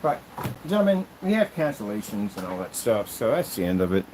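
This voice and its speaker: A man's voice: on the low side, big pitch swings, fairly quick, background noise. A man who makes projection screens, ranting in a casual vlog with an aggrieved, rambling, repetitive way of talking. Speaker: projection screen maker and seller.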